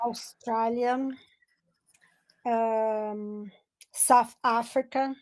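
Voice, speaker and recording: Brazilian lady learning english on a video call, slow and halting, lots of uhs, a bit high voice. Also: fairly even intonation. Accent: Brazilian Portuguese. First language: Portuguese. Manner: hesitant, halting, many fillers, nervous laughs. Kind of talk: casual online lesson chat.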